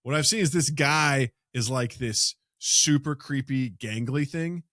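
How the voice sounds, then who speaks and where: A man co-hosting a podcast, chatting casually and telling animated stories with loud, high impressions of startled people. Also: a little slow, dry recording, studio quality. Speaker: podcast co-host. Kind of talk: casual chat.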